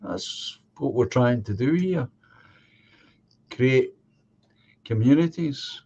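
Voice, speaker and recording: A man hosts an online chat show from a video call, speaking slowly and laughing easily. His voice is at a middling pitch. The call audio sounds dull and muffled. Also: animated, dark tone, slightly rough. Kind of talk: casual chat.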